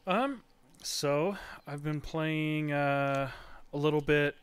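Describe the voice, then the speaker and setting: A man's voice: fairly high pitch, slow pace, clean tone, no echo. A man chatting as a regular on a casual gaming podcast, hesitant, with many ums and restarts and a wry edge. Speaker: podcast co-host.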